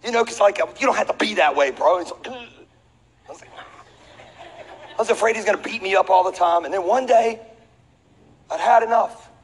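A middle-aged man pastor telling a comic story in a lively sermon, acting out voices, laughing and sometimes shouting. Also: high voice, normal speed, pauses often, slightly rough. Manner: animated, acts out voices, laughs, shifts to shouting. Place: large church auditorium. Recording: reverberant hall with faint ambience.

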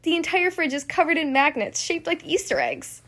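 A woman hosting a podcast, reading a children's storybook aloud in a friendly, expressive way. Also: extremely high pitch, normal speed. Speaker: podcast host and storybook reader.

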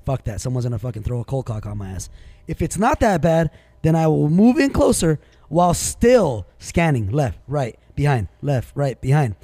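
A man's voice: on the high side, dark tone, no echo. A man co-hosting a podcast, telling stories bluntly and emphatically, swearing constantly in casual banter. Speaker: podcast co-host.

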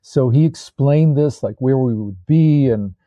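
A man's voice: medium pitch, a little slow, warm tone, dry recording. An older man, a former tank commander, telling his stories as an interview guest in a rambling way, with restarts and fillers. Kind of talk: casual interview storytelling.

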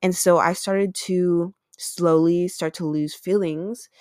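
A woman's voice: lowish voice, steady tone, takes it slowly, a little mellow, dry recording, studio quality. A woman hosting a podcast, telling a personal story in a chatty way, with plenty of "like" and "um". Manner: chatty, lots of "like" and "um". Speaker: podcast host. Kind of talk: casual confessional storytelling.

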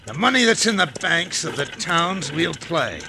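A gravelly, menacing outlaw. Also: male voice, on the high side, sing-song, normal speed, noisy background. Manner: menacing, gruff, drawling. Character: escaped male convict, ruthless outlaw. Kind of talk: 1950s radio drama acting.

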